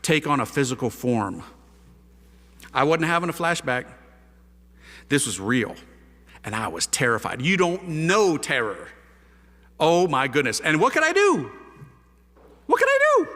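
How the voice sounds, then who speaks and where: Animated man preaching in a reverberant hall. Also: on the high side. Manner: lively storyteller, casual slang, rhetorical questions. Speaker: priest giving a conversion testimony. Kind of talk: animated testimony talk to an audience. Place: large hall with a live audience.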